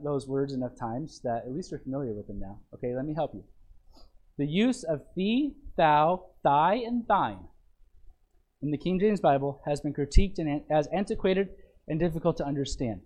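A man's voice: on the high side, lively intonation, normal speed, a little mellow, poor audio. A man, a pastor teaching from a sermon outline, often checking in with his listeners and repeating phrases. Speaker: pastor teaching a Bible lesson.

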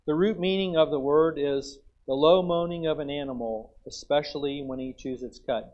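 Man, preacher, folksy sermon, slightly high pitch, muffled recording. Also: moderate pace, a little mellow. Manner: folksy, acts out chewing sounds.

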